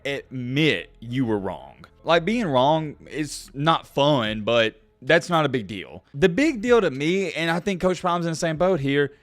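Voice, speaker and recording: An excitable man gives casual sports commentary straight to his viewers. His fairly high voice leaps up and down as he talks, and the sound is dry and close. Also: measured pace, few pauses, no echo.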